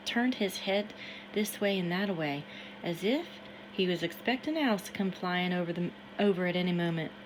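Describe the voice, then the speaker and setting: Lady reading an audiobook, steady tone, bit of faint hiss. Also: fairly low pitch, low-quality recording. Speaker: audiobook reader. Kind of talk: first-person audiobook narration.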